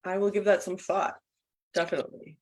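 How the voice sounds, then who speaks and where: A woman's voice: deep voice, normal speed. A woman co-hosting a casual podcast, chatty and laughing often between thoughts. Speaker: co-host.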